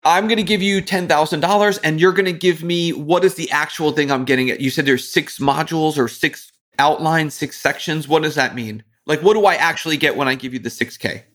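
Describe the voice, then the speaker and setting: Energetic man host, fairly high voice. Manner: energetic, rapid-fire questioning, enthusiastic. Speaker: podcast host. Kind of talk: podcast interview.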